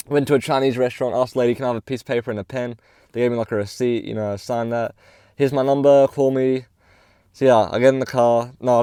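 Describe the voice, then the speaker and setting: A man's voice: medium pitch, a little mellow, clear, resonant tone, dry recording, clean studio sound. Slangy young man telling a story. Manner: slangy, swears often, acts out quoted dialogue. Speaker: vlogger. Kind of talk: casual storytime.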